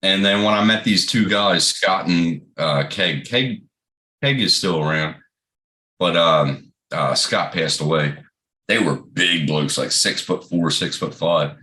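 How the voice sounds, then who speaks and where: A very deep-voiced man with a Southern American drawl talks in a relaxed, casual way. His stories come out blunt and full of swearing. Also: slow pace. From Southern United States. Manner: blunt, profane storytelling. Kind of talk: casual chat.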